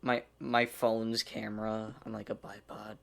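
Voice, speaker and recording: A man's voice: lowish voice, little pitch movement, unhurried, creaky, a bit bright, no room sound. A man casually reading fan fiction aloud, giggling and rambling in asides, some whispered. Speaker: reader.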